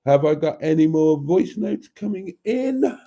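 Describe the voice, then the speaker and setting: A man's voice: a little high, expressive, a little slow, mellow, a little hiss or hum. A man hosting a casual livestream, chatting and reading out viewers' comments in a chatty, theatrical way that calls them darlings. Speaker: livestream host.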